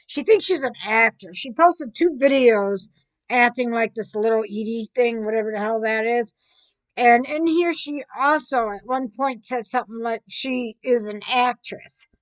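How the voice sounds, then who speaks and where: A woman's voice: a little high, normal speed, no room sound. A woman commentating on video clips in a sarcastic, dismissive way. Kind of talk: reaction commentary.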